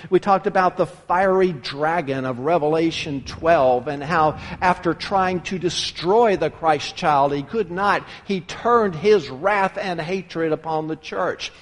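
Male pastor preaching an earnest sermon with deliberate pauses, bright high voice, recorded in a church with lingering reverb. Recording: long hall reverb.

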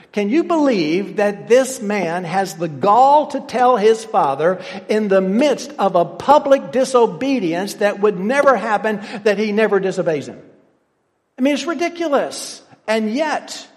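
A man's voice: a little high, big-room sound. A man preaching a sermon, stressing his points with rising emphasis and quoting scripture figures. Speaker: pastor.

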